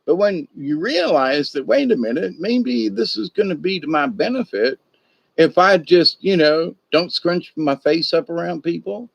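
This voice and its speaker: A man's voice: high-pitched, animated, a little slow, creaky, husky, no echo. A man talking casually late at night on a livestream, rambling and acting out little dialogues in changed voices. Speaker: livestream host. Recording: dull lo-fi dry sound.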